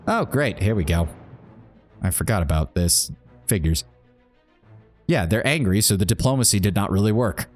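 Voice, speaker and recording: A man's voice: lowish voice, expressive, moderate pace, long pauses, faint music behind. A man streaming a role-playing game who chats casually, rambles, laughs, and reads the on-screen text aloud. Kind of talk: casual gameplay commentary and reading game text.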